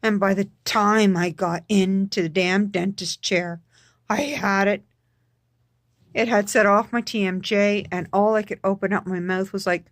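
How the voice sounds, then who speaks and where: A woman talking casually in a personal vlog, halting with frequent restarts and repeating words for emphasis. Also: medium pitch, steady tone, dry recording, clean studio sound. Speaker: vlogger.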